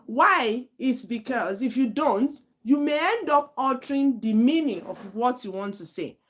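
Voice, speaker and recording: A woman's voice: high-pitched, expressive, unhurried. A woman, teaching an IELTS speaking lesson live online in a direct, earnest way, repeating her points for emphasis. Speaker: IELTS tutor.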